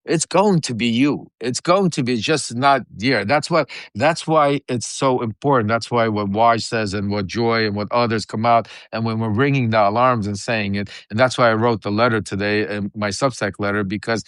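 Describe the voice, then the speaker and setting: A man's voice: mid-range voice, fairly bright tone, no echo, studio quality. A man hosting a political livestream, talking urgently and rallying his viewers with repeated questions. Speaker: livestream host. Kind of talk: impassioned political talk.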